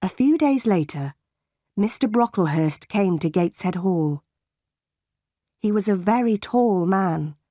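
Audiobook narrator: woman, slow and deliberate, mid-pitched, dry close sound. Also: expressive, mellow, dry recording. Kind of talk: scripted narration of a simplified novel.

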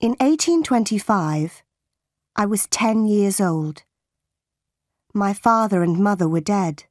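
Audiobook narrator: woman, slow and deliberate, mid-pitched, dry close sound. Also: animated, darkish tone, no echo. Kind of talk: scripted narration of a simplified novel.

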